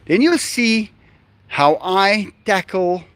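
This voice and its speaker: South african guy, afrikaans first language, chatting away to his stream, bouncy expressive voice, dry sound. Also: high voice, takes it slowly, clear, resonant tone, no room sound. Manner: animated, chatty, addresses viewers as guys. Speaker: livestream host. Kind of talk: casual livestream chat.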